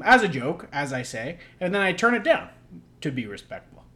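A man's voice: medium pitch, sing-song, measured pace, fairly bright tone. A young man co-hosting a podcast, telling a long story in a rambling, laughing way with lots of fillers. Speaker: podcast co-host. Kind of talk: casual storytelling chat.

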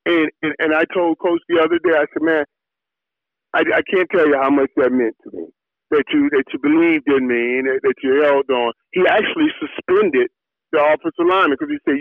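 A middle-aged man from Miami, a former football player, telling animated stories in an interview with repeated words when excited. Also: a little high, brisk, dry recording. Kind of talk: storytelling interview. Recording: tinny phone-like dry line.

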